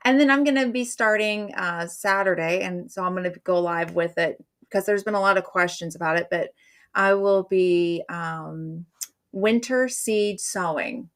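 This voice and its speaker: A woman's voice: medium pitch, a little slow, fairly bright tone. A middle-aged woman hosting a live stream, chatting casually and rambling in a friendly way.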